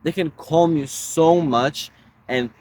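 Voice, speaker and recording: A man's voice: on the high side, slow pace, darkish tone. A man giving casual self-help advice in a laid-back way, calling the listener bro.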